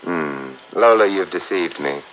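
An actor playing a suave, dry-witted detective in a 1940s radio drama, trading wisecracks on a dull old recording with faint hiss. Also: male voice, low-pitched, lively intonation, a little slow. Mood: wry calm. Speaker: lead detective.

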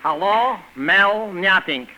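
A befuddled piano teacher. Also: male voice, high voice, expressive, takes it slowly. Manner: comic broken English, garbles names. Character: befuddled male piano teacher, middle-aged, mournful. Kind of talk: 1940s radio comedy acting. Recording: hissy old radio broadcast recording.

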